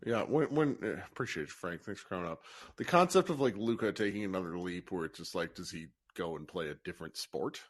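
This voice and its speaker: This low-pitched man talks fairly quickly while hosting an animated live call-in podcast, laughing, swearing, and joking as he brings up callers from the queue. He broadcasts via a live audio app, and the recording is dry and studio quality.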